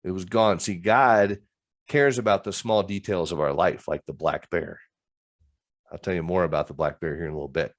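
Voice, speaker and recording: A man's voice: sits low, normal speed. A middle-aged man giving an earnest personal testimony as a recovery coach, talking from a home office over a video call. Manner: earnest, storytelling with frequent "right?". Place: home office with green screen.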